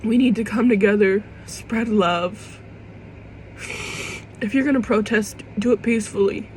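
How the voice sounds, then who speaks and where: A woman's voice: medium pitch, measured pace, darkish tone, a little hiss or hum, rough recording. A young woman vlogging to camera in an emotional personal monologue. She rambles and restarts, swears casually, and fights back tears.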